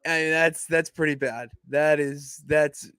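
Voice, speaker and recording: A young man co-hosting a casual wrestling podcast, emphatically pitching how storylines should go. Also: unhurried, smooth, no echo, clean studio sound. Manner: emphatic, animated booking pitches. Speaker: podcast co-host. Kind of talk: casual wrestling analysis chat.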